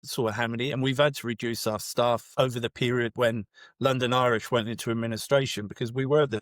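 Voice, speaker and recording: An earnest man gives a candid interview answer about his charity work. His voice sits at a middle pitch and he speaks with quiet determination. The sound is dry and close. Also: dry recording. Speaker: charity staff member.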